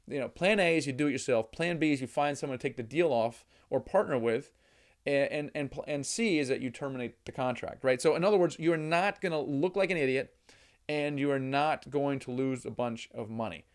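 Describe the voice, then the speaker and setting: A middle-aged man giving a motivational teaching talk on real estate investing, energetic, often repeating words and acting out worried inner voices. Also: mid-range voice, fairly quick.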